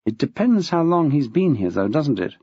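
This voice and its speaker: A man's voice: a little high, sing-song, moderate pace, slightly rough, no echo, exaggerated voice. A man voicing a dry, witty older male schoolteacher with theatrical quips. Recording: dull, dry.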